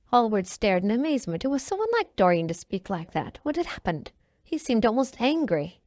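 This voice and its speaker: A woman narrating a classic novel audiobook in a measured storytelling manner. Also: fairly high pitch, sing-song, darkish tone, no echo, clean studio sound. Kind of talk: scripted narration.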